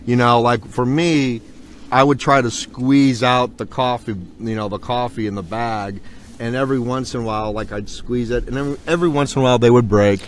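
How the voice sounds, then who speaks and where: A man's voice: medium pitch, steady tone, brisk, slight background noise. A man co-hosting a casual product review, laid-back and rambling. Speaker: co-host.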